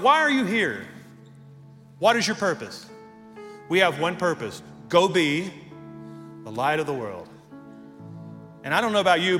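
A man's voice: high voice, pushed and bright, big-room sound. A man preaching a sermon as pastor, telling a story and then leading prayer, from Texas. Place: church sanctuary.

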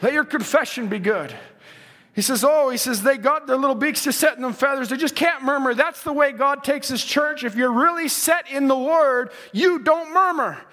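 A male preacher delivering a sermon, swinging from shouted, singsong lines to quiet asides. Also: very high-pitched, normal speed.

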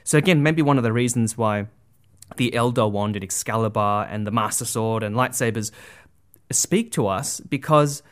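Speaking at a normal pace with a medium-pitched voice, a Catholic man delivers an earnest religious talk full of asides such as "you know" and "right?", often restarting what he says.

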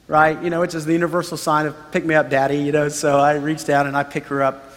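Pastor, man in his thirties, higher voice, earnest storyteller, preaching in a reverberant hall. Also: completely flat delivery, fast talker. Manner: earnest storytelling, emphatic repetition. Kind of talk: sermon.

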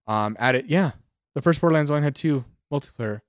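Guy on a gaming podcast, smooth clear voice, dry close sound, tells stories all animated. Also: on the high side, a little fast, no room sound. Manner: animated storyteller, acts out quotes. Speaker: podcast co-host. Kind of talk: casual gaming chat.

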